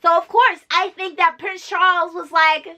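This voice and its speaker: A woman's voice: very high-pitched, steady tone, moderate pace, bright, forceful tone. A woman vlogger giving casual reaction commentary, blunt and emphatic, swearing freely and repeating her points.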